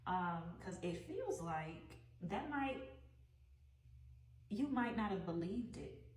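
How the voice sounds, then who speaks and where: A woman giving a weekly tarot reading, unhurried and musing aloud, often repeating her phrases. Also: mid-range voice, animated, echoey room, far from the mic, rough recording. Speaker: tarot reader.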